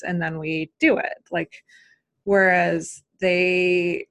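A woman's voice: fairly low pitch, little pitch movement, unhurried, fairly bright tone. A woman in her thirties, a mother talking through her parenting worries in a casual, rambling conversation full of fillers and second-guessing. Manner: rambling, self-questioning, many fillers. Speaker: mother and podcast guest.

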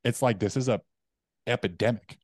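A man, a coach, talking as a podcast guest in a casual interview, telling animated stories and acting out the voices in his head. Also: medium pitch, moderate pace, dry recording, clean studio sound. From United States. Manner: animated storytelling, acts out inner voices.

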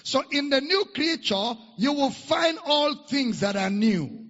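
High, gravelly Nigerian preacher in a hall. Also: male voice, animated, a little slow, a bit bright. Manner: emphatic preaching with call-and-response repetition. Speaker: pastor. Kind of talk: sermon. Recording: echoey hall, dull lo-fi sound.

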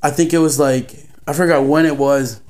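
A man's voice: on the high side, steady tone, normal speed, darkish tone. A man co-hosting a podcast in casual chat, using laid-back slang and swearing.

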